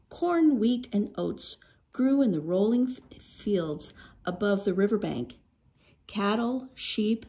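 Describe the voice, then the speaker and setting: Gravelly woman reading a storybook. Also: mid-range voice, darkish tone. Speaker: storybook reader. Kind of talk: reading a children's book aloud.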